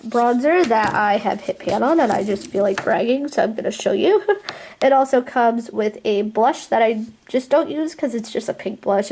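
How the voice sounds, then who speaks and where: A woman beauty vlogger chatting casually at her makeup vanity at home, bubbly and quick to laugh. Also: a little high, darkish tone, a little hiss or hum. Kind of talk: casual product show-and-tell.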